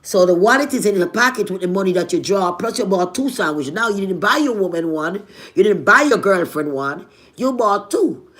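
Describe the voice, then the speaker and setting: A woman with a Jamaican accent telling a personal story in casual vlog style, animated and blunt, with plenty of profanity and jumps between loud and soft. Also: medium pitch, normal speed. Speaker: vlogger.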